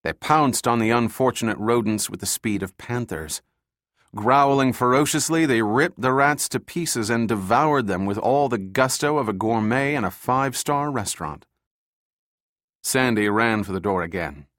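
A man's voice: mid-range voice, no room sound. Male audiobook narrator, dry close sound. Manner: steady, measured reading.

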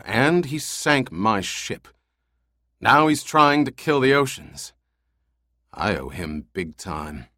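A man's voice: fairly low pitch, a bit bright, dry recording, clean studio sound, close to an everyday voice. A man voicing a tough ship captain in an audiobook, steely and commanding. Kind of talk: audiobook character voice.

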